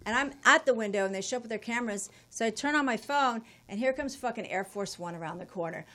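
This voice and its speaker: A woman guest telling a long travel story in a casual, profane, animated way. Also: fairly high pitch, quick pace.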